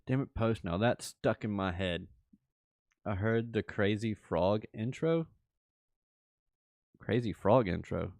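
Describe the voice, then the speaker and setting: A man hosting a casual trading livestream, his voice sitting on the low side. He rambles and chats with his audience, laughing easily. The sound is dry and close, with no room echo. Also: lively intonation, takes it slowly, gravelly, long pauses, darkish tone. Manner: rambling, chatty, often laughing, talks to viewers.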